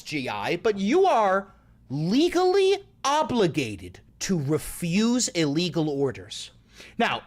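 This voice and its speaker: A man hosting a livestream commentary, talking in an angry, emphatic and profane way. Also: a little high. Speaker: host.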